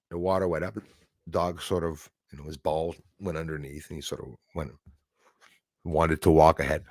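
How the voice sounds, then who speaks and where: A man hosting a live stream, telling a story in a casual, animated way full of fillers. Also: deep voice, no room sound, clean studio sound. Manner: animated, acts out quoted voices, frequent fillers.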